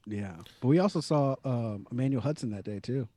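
A man's voice: medium pitch, fairly quick, dark tone, dry recording. A man, co-hosting a casual podcast, joking and laughing with playful asides. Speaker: podcast co-host. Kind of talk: casual chat.

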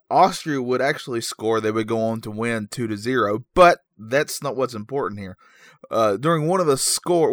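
A man's voice: medium pitch, fairly bright tone, no echo, clean studio sound. A man co-hosting a podcast in casual chat, telling a story in an easygoing, self-deprecating way with lots of fillers. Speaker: podcast co-host.

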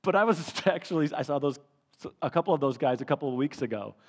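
A man preaching a sermon, telling a story with laughs and lively energy. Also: a little high, quick pace. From Michigan. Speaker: pastor. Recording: long hall reverb.

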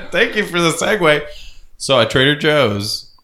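Playful man with a lively voice. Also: fairly high pitch, measured pace, a little hiss or hum. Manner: playful, animated, breaks into silly voices. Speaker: podcast co-host. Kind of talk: casual chat.

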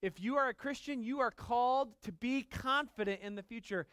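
A male pastor delivers a sermon in a high, smooth voice, hammering his points home by repeating them. He often stops to put questions to the congregation. The sound is dry and close. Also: normal speed, no room sound. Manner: emphatic, repeats key phrases, asks the congregation questions; acts out dialogue in lively voices.

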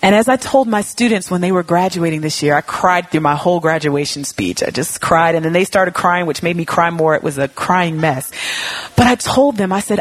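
A woman's voice: on the low side, slightly rough, dry recording, low-quality recording. A woman giving a sermon and prayer in an earnest, emphatic way, repeating her phrases. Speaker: guest speaker.

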